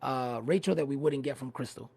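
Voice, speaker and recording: Gravelly man hosting, halting questions. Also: mid-range voice, darkish tone. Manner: halting, many fillers and restarts, easygoing. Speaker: host. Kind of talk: casual interview. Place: home, livestream.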